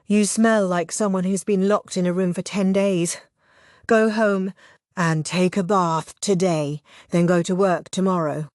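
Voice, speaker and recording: A woman's voice: fairly low pitch, steady tone, measured pace, a little mellow, no echo, clean studio sound, lightly acted. A woman voicing a playful, theatrical young woman who drawls and chirps in a sing-song way.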